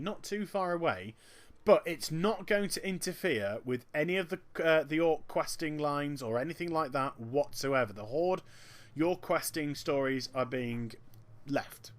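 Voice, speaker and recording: A man giving chatty, joking commentary over a video game. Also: fairly high pitch. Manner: animated and chatty, with quick jokes. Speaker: gameplay commentator. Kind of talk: gameplay commentary.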